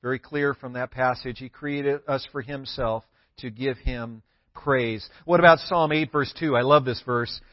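A man's voice: mid-range voice, a little slow, dry recording. A man pastor giving a sermon, emphatic and repeating key words for stress. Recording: dull lo-fi sound.

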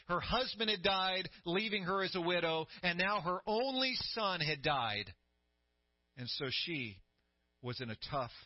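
A middle-aged man preaching a sermon as pastor, telling the story with growing excitement and a voice that climbs high. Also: no room sound. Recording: dry, slightly dull sound.

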